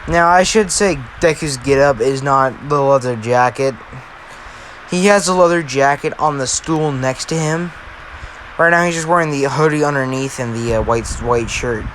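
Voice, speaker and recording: A man's voice: mid-range voice, moderate pace, fairly bright tone, slight background noise. A man casually improvising a fan-fiction story, rambling with lots of fillers and self-corrections.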